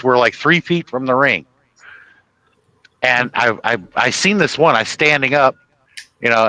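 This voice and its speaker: A man telling funny stories in a casual chat, animated and rambling, laughing at his own tales. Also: medium pitch, dry recording, rough recording. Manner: chatty, with many restarts and "you know".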